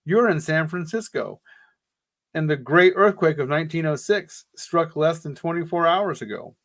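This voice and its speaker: A man co-hosting a podcast, chatting and joking while reading an adventure gamebook aloud. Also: on the high side. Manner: jokey, animated, quick asides. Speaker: podcast co-host.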